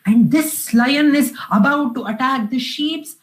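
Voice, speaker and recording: A woman's voice: high-pitched, a little slow, low-quality recording. A woman telling a spiritual parable at a weekly devotional gathering. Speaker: satsang speaker. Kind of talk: spiritual storytelling talk.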